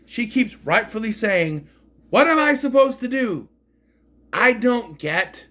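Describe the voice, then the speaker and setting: A man casually reviewing a film, rambling and frank, swearing freely as he complains. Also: a little high. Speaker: movie reviewer.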